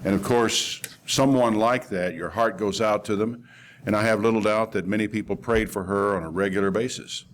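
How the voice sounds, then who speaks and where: A man's voice: lowish voice, steady tone, normal speed, a little hiss or hum. An older man preaching a sermon, telling a scripture story in a conversational way and acting out the quoted voices with animation.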